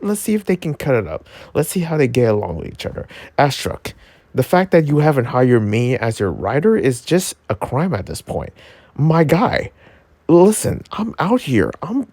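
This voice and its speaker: A man giving a casual episode review, excitable and rambling, full of filler words and jokes. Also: normal speed, dry recording. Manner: jokey, yelps into high pitch.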